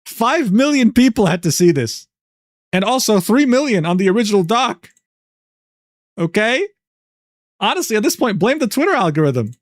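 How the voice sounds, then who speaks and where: A man with a fairly high voice comments casually on a livestream, disbelieving and slangy. He laughs things off as he reacts. The sound is dry, with no room around it. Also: sing-song, moderate pace, long pauses, dry recording. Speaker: streamer reacting to a document.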